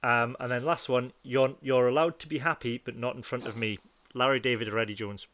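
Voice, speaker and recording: A man hosting a casual podcast chat, playful and quick to laugh as he quizzes his guests. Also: mid-range voice, steady tone, a bit bright, no echo. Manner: playful quizmaster, laughs often. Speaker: podcast host.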